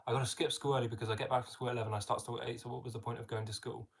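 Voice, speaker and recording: A man's voice: mid-range voice, level tone, rapid-fire, vocal fry, breathy edge. A young man with an English accent, casually reading out and answering viewer comments on a live stream. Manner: chatty, reads viewer comments aloud, friendly filler "mate". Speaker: livestream host answering chat.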